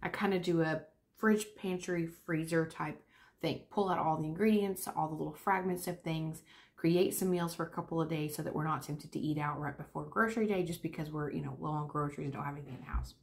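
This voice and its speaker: Young woman, lower pitch, relaxed vlog chatter between bites. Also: brisk. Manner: chatty, talks while eating. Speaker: vlogger. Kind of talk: casual chat.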